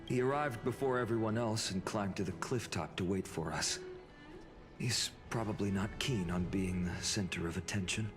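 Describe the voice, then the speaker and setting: A man's voice: on the low side, moderate pace, close to an everyday voice. An actor playing an earnest young male hero and loyal comrade in a game, with reverb and music behind. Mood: resolute. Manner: earnest, warm-hearted speechmaking. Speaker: game character. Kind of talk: game voice acting.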